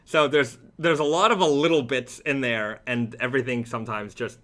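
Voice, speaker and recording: A man's voice: medium pitch, moderate pace, fairly bright tone. A man hosting a weekly live stream, chatting casually and reading viewer comments aloud with plenty of fillers.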